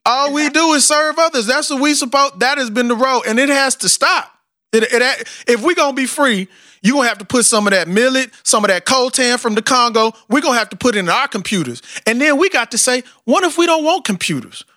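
Southern guy, high bright voice, rambly and fired up, keeps saying you know what I'm saying. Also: a little fast, no room sound, studio quality. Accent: Southern American. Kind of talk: casual conversation.

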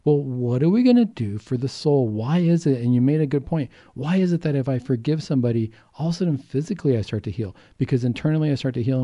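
A male doctor co-hosting a faith talk program explains his points earnestly and acts out the voices he quotes. His voice is very dark and mellow. The sound is dry and close. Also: mid-range voice, no room sound. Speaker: doctor and co-host. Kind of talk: faith talk show discussion.

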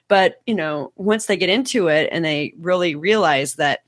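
A woman's voice: on the low side, moderate pace, hardly any pauses, no room sound, studio quality. A woman and single mother talking candidly about dating in a casual chat, often laughing. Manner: candid, laughing, quotes others in voices. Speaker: podcast guest, single mom.

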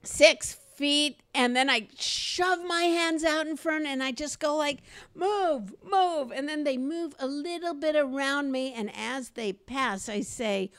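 An older woman with a high voice tells stories with animation, dropping to quiet asides and rising to loud outbursts. She talks at an unhurried pace, close to the mic in a dry room with no echo. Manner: expressive, swings from quiet to loud exclamations, laughs often. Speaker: podcast co-host and comedy teacher. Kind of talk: animated conversational storytelling.

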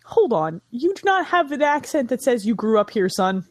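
A woman's voice: fairly high pitch, big pitch swings, moderate pace, no room sound. Sarcastic woman riffing on a movie. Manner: sarcastic, swearing, mocking the film. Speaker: movie riff co-host. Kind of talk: casual movie commentary.

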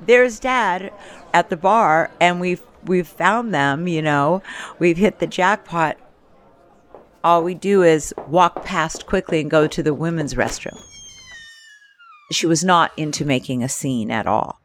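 A woman's voice: sits low, unhurried. A woman telling a first-person story from her childhood in a candid, wry, conversational way.

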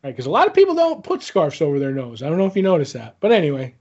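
A man's voice: on the high side, wildly swooping pitch, racing, darkish tone, husky, muffled recording. A man co-hosting a podcast, chatting casually in a joking way with frequent stammered restarts. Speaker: podcast co-host.

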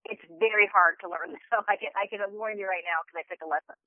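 An enthusiastic woman chats eagerly over a tinny phone line, her voice dry and close. She talks at an ordinary pitch and keeps restarting her sentences as she tells her story. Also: quick pace, dry recording. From United States. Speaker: travel show guest. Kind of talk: casual phone interview. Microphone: telephone.

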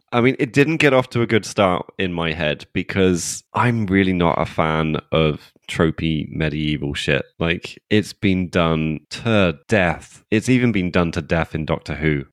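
A man with a lowish voice co-hosts a podcast, talking bluntly and swearing freely as he reviews. The sound is dry and close, with no room around it. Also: unhurried, no room sound. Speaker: podcast co-host. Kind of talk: casual review chat.

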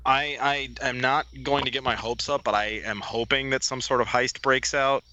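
A man in casual chat, excited and playfully bragging. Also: mid-range voice, moderate pace, dull audio.

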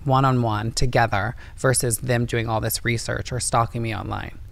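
A woman's voice: extremely low pitch, steady tone, normal speed, vocal fry. Woman, interview guest, earnest, emotional, open, heartfelt storytelling. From Indiana, USA.

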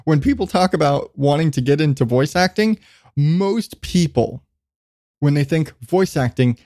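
A man's voice: on the high side, lively intonation, unhurried, darkish tone, dry recording, clean studio sound. A man hosting his own podcast in a chatty, self-deprecating monologue that rambles with frequent restarts. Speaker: podcast host. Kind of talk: casual monologue.

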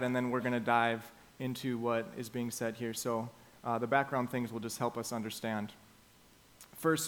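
A man preaching a sermon as pastor, emphatic and slowing down to stress the key phrases. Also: mid-range voice.

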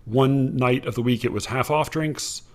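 A man in the middle of his pitch range tells a story on a podcast. He rambles wryly and corrects himself often as he goes. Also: normal speed. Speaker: podcast host. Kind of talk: casual storytelling chat.

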